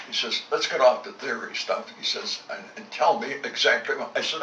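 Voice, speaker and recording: A man's voice: mid-range voice, brisk, pushed and bright, slight background noise. An older man, a former fighter pilot, recounting his wartime memories in a blunt, salty way, acting out both sides of old conversations. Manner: blunt, salty storytelling with reported dialogue. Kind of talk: recorded war reminiscence. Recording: roomy, dull home tape recording from a distance.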